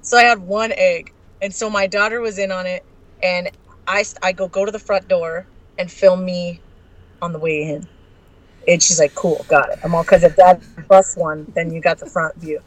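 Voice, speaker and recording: A woman guest on a podcast, telling a story in a brash, profane and animated way. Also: lowish voice, moderate pace, rough recording. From Arizona.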